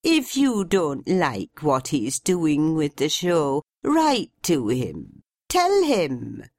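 A woman voicing a vain, theatrical aging female television star with a grand, drawn-out delivery. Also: low-pitched, wildly swooping pitch, darkish tone, no room sound, studio quality, heavily acted. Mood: grandstanding.

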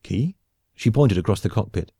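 A man reads a comic science-fiction audiobook in a measured, wry storytelling manner. His voice is low and mellow, recorded dry and close with no room sound. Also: no room sound. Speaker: audiobook narrator. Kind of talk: scripted narration.

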